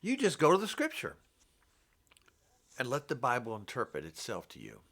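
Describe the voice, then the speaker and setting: A man's voice: medium pitch, wildly swooping pitch, moderate pace, gravelly, a bit bright. An older man giving an informal, rambling Bible teaching in a blunt, scolding way. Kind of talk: informal preaching monologue.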